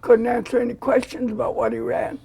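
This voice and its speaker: A woman's voice: a little high, fairly quick, gravelly, slight background noise. An older woman, a foster grandparent volunteer, telling a story in a studio interview and acting out the quoted lines. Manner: animated storyteller who acts out quoted dialogue.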